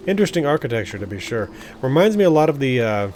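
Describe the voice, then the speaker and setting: A man's voice: mid-range voice, big pitch swings, fast talker, a little mellow, a little hiss or hum. A man casually commenting on his own gameplay, musing aloud as he explores. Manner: musing aloud, chuckling, rambling. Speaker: gaming video host.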